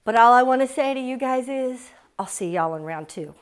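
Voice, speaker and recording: Against a noisy background, a woman preacher speaks at a moderate pace in a fairly high, expressive voice. Her emotional church sermon moves from a tearful, earnest personal story to a fervent prayer over the congregation.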